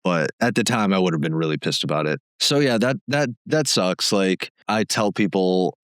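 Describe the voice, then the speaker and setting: A man's voice: sits low, moderate pace, smooth, dry recording. A man, a former band musician, telling frank stories casually on a podcast, with lots of fillers and some swearing. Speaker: guest musician. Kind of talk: candid conversational storytelling.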